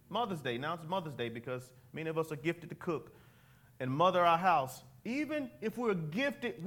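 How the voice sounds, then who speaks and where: High-voiced, bright preaching man. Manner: animated, call-and-response with the congregation; conversational preaching with humor. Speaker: pastor. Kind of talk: sermon.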